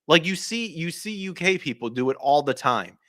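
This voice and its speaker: A man's voice: a little high, lively intonation, moderate pace, fairly bright tone, no room sound, studio quality. A man hosting a podcast, ranting casually and bluntly, swearing often and restarting sentences as he goes. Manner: blunt, frequently swearing, emphatic; restarts and trails off mid-sentence. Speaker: podcast host. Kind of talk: casual opinion rant.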